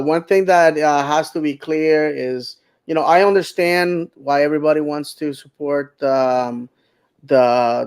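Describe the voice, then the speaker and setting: Man, middle-aged, casual sports chat, smooth clear voice, lots of ums and restarts, medium pitch. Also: a little mellow. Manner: rambling, many fillers and restarts. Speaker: podcast co-host.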